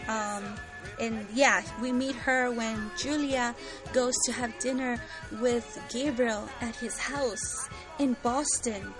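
A woman's voice: a little high, slow pace, music in the background, low-quality recording. A bubbly, giggly woman co-hosting a podcast, chatting casually about a book series and reading out listener comments. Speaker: podcast co-host.

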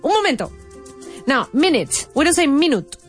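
A woman co-hosts an English lesson, her high voice swooping up and down as she teases her partner. She explains phrases in a casual, chatty way over faint music. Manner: playful, animated, quick to tease. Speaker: co-host of an English lesson podcast. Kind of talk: casual teaching chat.

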